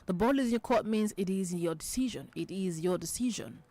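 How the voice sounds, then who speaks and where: A woman's voice: medium pitch, fairly quick, no echo. A woman hosting a children's radio show, patiently explaining idioms, repeating each point and checking that listeners understand. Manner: acts out example quotes in lively voices.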